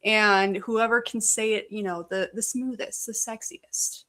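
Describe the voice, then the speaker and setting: A woman's voice: medium pitch, steady tone, measured pace, a bit bright. A woman co-hosting a podcast in casual chat, cheerfully running a game for the guests. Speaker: podcast co-host.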